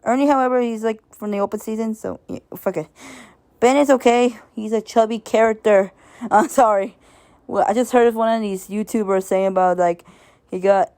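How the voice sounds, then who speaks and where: In a dry recording, a video reviewer speaks at medium pitch with a darkish tone. Her review is casual and rambling, sentimental, with frequent stumbles, restarts and laughter.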